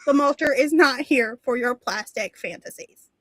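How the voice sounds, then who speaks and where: A woman's voice: high-pitched, normal speed, no echo. A woman putting on a drawling Southern newsreader. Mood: deadpan. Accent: put-on Southern US. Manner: deadpan, mock-serious. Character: drawling small-town Southern woman reading news.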